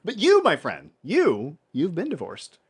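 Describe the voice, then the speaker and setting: A man co-hosting a relaxed business podcast, animated and teasing in his delivery. His voice is husky and roams widely in pitch. He talks loosely, with plenty of fillers. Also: unhurried. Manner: animated, playful, lots of fillers. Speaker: podcast co-host. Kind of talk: casual podcast chat.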